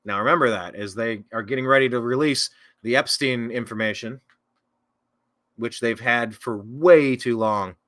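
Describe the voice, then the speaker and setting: A man's voice: medium pitch, moderate pace, a bit bright. Sarcastic man hosting a political show. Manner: sarcastic, rambling, self-correcting with mocking asides. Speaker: political talk show host. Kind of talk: casual political commentary, reading viewer comments aloud.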